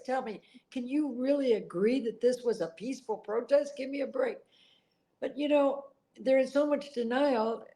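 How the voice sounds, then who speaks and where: A woman's voice: on the high side, darkish tone, rough recording. Earnest emotional middle-aged woman guest. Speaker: interview guest. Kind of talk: emotional interview.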